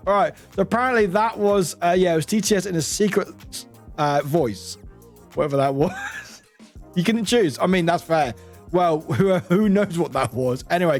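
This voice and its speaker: A man with a British accent, chatting casually as a streamer while playing a game, excitable, laughing often, swearing and breaking into high shouts. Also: a little fast, faint music behind.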